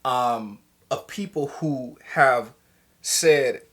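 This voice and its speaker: Animated man chatting about a film. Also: medium pitch, very slow. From United States. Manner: animated, tags "you know what I'm saying". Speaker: podcast co-host. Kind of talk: casual film review chat.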